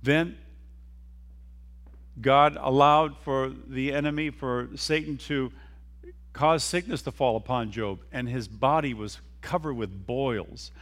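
A man's voice: mid-range voice, slow, fairly bright tone. A middle-aged male pastor preaching a sermon emphatically, acting out quoted speakers and leading his congregation in repeating lines.

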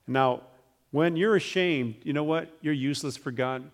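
A man preaching a sermon, reading scripture aloud and acting out the people in it with lively shifts of voice. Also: on the high side, normal speed. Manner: animated, acts out voices in scripture retelling.

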